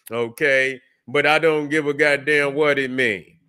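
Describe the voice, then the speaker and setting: A man hosts a livestream and rants in a slow, drawn-out way, stacking up fillers and restarts. His voice sits a bit high for a man and rings bright and clear. He sounds profane and mocking. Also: fairly even intonation. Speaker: livestream host. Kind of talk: casual ranting commentary.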